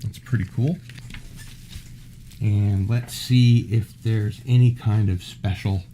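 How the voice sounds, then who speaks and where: A man hosting a casual unboxing video, talking in an unhurried way with wry asides. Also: on the low side, steady tone, mellow, a little hiss or hum. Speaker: unboxing vlog host.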